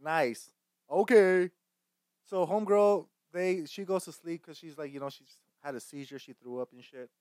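A man's voice: fairly high pitch, moderate pace, a little mellow, no echo, clean studio sound. A young man hosting a casual movie chat, swearing often, rambling, and laughing between lines. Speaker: host.

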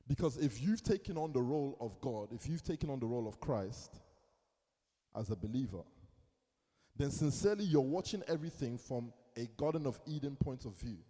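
A young male pastor preaching a sermon, telling a story with acted quotes and swinging between hushed asides and loud bursts. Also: mid-range voice, animated, brisk. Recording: long reverb in a hall.

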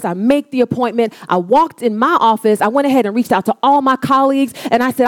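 A woman's voice: on the high side, fairly quick, few pauses, dry recording. A woman preaching a sermon, telling a personal story in a conversational way and calling the congregation y'all. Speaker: pastor's wife preaching.

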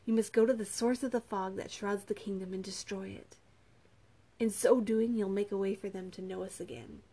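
A woman's voice: medium pitch, fairly even intonation, moderate pace, mellow, husky. A woman reading a solemn fatherly king. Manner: solemn, earnest.

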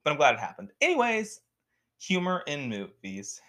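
A woman's voice: sits low, big pitch swings, moderate pace, a bit bright. A woman rambling casually to camera as a vlogger, chatty and jokey, full of asides and self-corrections. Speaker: vlogger reviewing movies and TV.

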